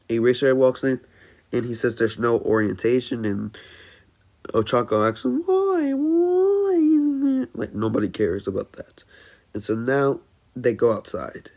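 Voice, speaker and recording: Guy making up a fan story as he goes, slow, lots of ums and restarts. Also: medium pitch, steady tone, darkish tone. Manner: halting, many fillers and restarts. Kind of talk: improvised fan-fiction narration.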